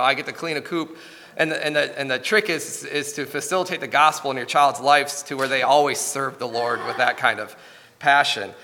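A man in his thirties preaching a sermon, telling a family story in an earnest, halting way with frequent restarts. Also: on the high side, bright, forceful tone, big-room sound.

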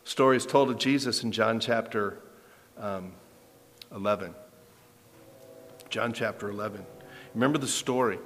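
A man's voice: on the low side, normal speed, long pauses, a bit bright, in a large hall, faint music behind. A man preaching a sermon as pastor, asking rhetorical questions and building in intensity as he reads scripture.

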